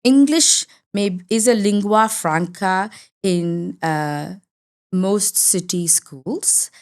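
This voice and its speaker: A woman from India, a podcast guest, speaks in a mid-range voice. She makes her points emphatically, laughs easily and rephrases herself mid-sentence. Her delivery is lively and conversational. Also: medium pitch, very slow.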